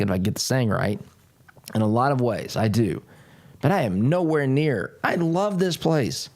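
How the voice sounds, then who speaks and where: A man's voice: lowish voice, a little mellow. A man hosting a political talk show, speaking emphatically and often repeating phrases, with folksy asides to his listeners. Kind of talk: political commentary monologue.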